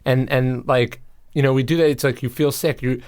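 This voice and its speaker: A man's voice: mid-range voice, fairly even intonation, moderate pace, darkish tone. A man in his twenties, a guest author, explaining ideas reflectively with everyday examples in casual interview talk. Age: 20s.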